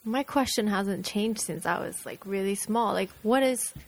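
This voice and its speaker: A woman's voice: medium pitch, moderate pace. A woman co-hosting a casual chat, talking animatedly with many fillers.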